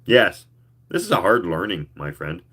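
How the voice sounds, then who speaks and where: A man's voice: low voice, big pitch swings, moderate pace, fairly bright tone, husky, full character voice. Man doing an earnest part-machine alien man. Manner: formal, earnest speech.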